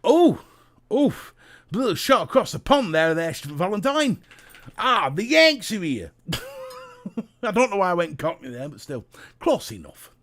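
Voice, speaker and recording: A man's voice: high voice, sing-song, normal speed. A British man hosting a casual livestream, chatting to viewers and reading their comments, jokey and talking straight to the chat. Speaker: livestream host.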